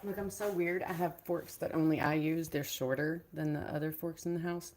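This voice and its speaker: A woman's voice: deep voice, steady tone, fairly quick, darkish tone, rough recording. A woman chatting casually to viewers while cooking breakfast in her home kitchen, calling them y'all. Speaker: cooking vlogger. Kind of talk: casual live cooking chat. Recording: frying noise behind voice. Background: sizzling frying food.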